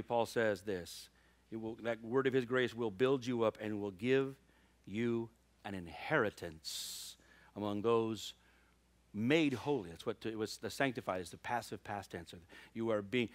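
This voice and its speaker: A male pastor giving a sermon, telling a funny personal story with laughter before moving into earnest preaching. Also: mid-range voice.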